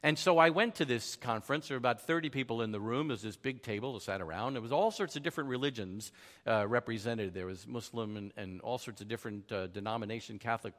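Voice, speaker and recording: A man telling a personal story in a sermon style, self-deprecating and animated, acting out the voices of the people he quotes. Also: medium pitch. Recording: long hall reverb.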